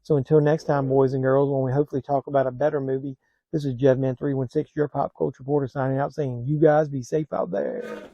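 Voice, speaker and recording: A man's voice: medium pitch, flat delivery, quick pace, warm tone, no room sound, lo-fi sound. A man giving a blunt, scathing movie review in a casual vlog, sounding exasperated.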